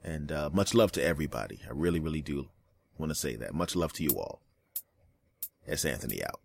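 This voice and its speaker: A man's voice: a bass voice, expressive, brisk, creaky, a little mellow. A man hosting a podcast, telling a comic story in an exasperated, ranting way and swearing for effect. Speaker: podcast host. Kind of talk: comedic storytelling monologue.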